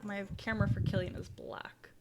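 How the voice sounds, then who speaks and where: A woman's voice: medium pitch, level tone, moderate pace, creaky. A young woman running a tabletop game over a video call, explaining rules casually with lots of fillers. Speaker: game master.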